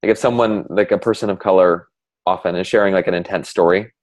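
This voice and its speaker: A man with a deep, low voice speaks in a reflective, halting way, filling pauses with fillers. He is in a candid, heartfelt one-on-one conversation. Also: steady tone. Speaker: conversation partner sharing reflections.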